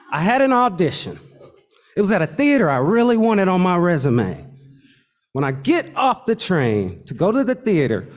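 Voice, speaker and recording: A man telling a true personal story, expressive and wry, building suspense with pauses. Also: high-pitched, a little hiss or hum.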